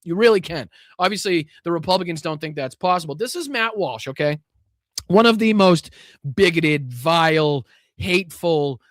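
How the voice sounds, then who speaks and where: Profane, high-voiced New man ranting. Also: fairly bright tone, no echo, studio quality. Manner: profane, sarcastic, laughing, rambling with restarts. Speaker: host of a political commentary stream. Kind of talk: live political rant.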